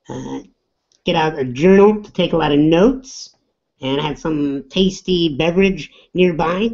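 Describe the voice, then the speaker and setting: Male webinar host, middle-aged, easygoing and upbeat; slow, mellow delivery on dull lo-fi web audio. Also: fairly high pitch, creaky. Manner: upbeat, chatty, reads out names. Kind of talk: casual webinar welcome.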